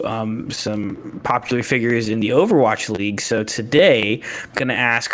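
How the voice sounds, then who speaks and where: A man asking questions in a casual gaming interview, steady with many fillers. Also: medium pitch. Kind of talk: casual interview over voice call.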